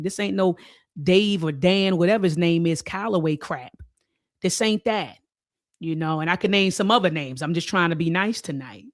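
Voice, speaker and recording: A woman's voice: mid-range voice, dry recording. Woman, talk show host, reads a document aloud, stresses key words, casual asides, dry close sound. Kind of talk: reading a document aloud with commentary.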